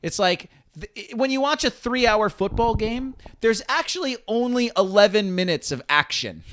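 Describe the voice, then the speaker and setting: A podcast guest talks in loose, rambling banter, often laughing at his own points. His voice sits high for a man and swings widely in pitch. He sounds like he is in a studio. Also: animated, moderate pace, fairly bright tone.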